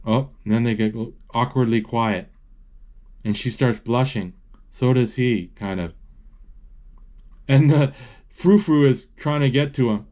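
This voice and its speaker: A man casually retelling a film as he watches it, halting and searching for words, with excited exclamations. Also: medium pitch. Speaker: movie narrator.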